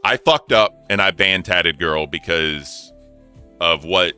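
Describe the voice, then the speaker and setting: A man's voice: low-pitched, slow pace, pushed and bright, smooth, soft background music. A man hosting a casual commentary stream, reacting loosely and swearing as he talks. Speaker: stream host.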